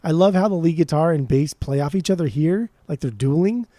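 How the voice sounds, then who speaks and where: A man's voice: fairly high pitch, fairly quick, dark tone, no echo. A young man co-hosting a podcast, chatting casually and enthusiastically about an album, with lots of swearing and slang. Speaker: podcast co-host. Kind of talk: casual music review chat.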